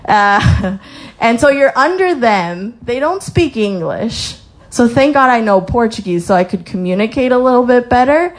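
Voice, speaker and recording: Young woman sharing her testimony, kinda high voice, tells it like a story and acts out the quotes. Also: moderate pace. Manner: lively storytelling with acted-out quotes; reads scripture aloud. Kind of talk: casual sermon testimony.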